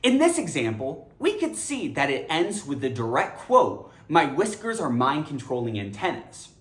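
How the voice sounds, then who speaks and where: A woman's voice: deep voice, sing-song, moderate pace. A woman teaching English grammar, upbeat and emphatic in a teacherly way. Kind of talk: educational explainer. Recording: echoey room.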